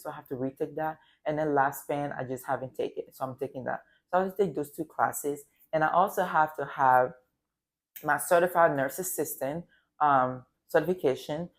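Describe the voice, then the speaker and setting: Low-voiced woman from Africa, vlogging. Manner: emotional, rambling, faith-filled. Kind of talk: casual personal vlog storytelling.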